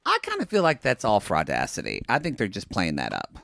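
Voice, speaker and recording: A man's voice: huge pitch swings, a little fast, vocal fry, sharp tone, dry recording, clean studio sound. A man co-hosting a podcast, chatting in a gossipy way. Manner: gossipy, jumps into high-pitched impressions. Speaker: podcast co-host. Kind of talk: casual recap chat.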